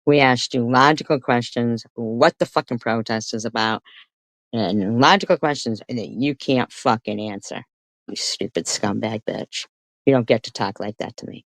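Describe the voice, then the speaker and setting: A woman's voice: extremely low pitch, moderate pace, no echo. A woman livestreamer ranting angrily at a rival, swearing constantly and confronting her directly. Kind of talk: angry livestream rant.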